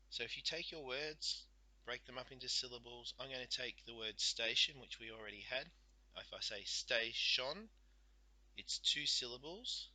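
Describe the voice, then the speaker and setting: A man teaching a recorded spelling lesson, speaking slowly and carefully and sounding out letters and syllables one by one. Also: mid-range voice, bright, forceful tone, no room sound, rough recording.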